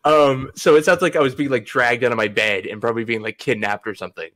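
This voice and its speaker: Young male podcaster, loose anecdote delivery, frequent laughs and cursing, mid pitch. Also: steady tone, quick pace, a bit bright. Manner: rambling, laughs often, swears freely. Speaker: podcast host. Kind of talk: casual storytelling chat.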